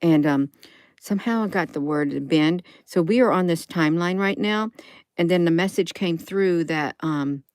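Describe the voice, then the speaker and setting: A woman talks into her phone in a loose, rambling vlog, thinking aloud and breaking off to restart her sentences. Her voice sits a little low. The sound is dry and close, with no room echo. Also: normal speed, darkish tone. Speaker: vlogger.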